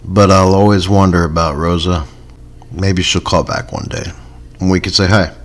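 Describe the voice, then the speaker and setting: A man's voice: low-pitched, fairly even intonation, moderate pace. A man hosting a comedy podcast, rambling in a wry, self-mocking way. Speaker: podcast host. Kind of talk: casual comedy podcast chat.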